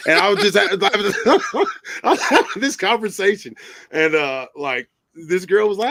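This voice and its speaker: Lively-voiced man rambling through a story. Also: high-pitched, moderate pace, dry recording. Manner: rambling, stammering, laughs often. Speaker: live stream host. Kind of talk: casual storytelling chat.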